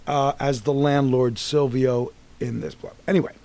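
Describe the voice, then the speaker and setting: A man's voice: mid-range voice, moderate pace, creaky. A man in his sixties, an actor telling rambling stories about his career in a casual interview. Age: 60s. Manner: animated, rambling anecdotes with restarts. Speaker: actor guest.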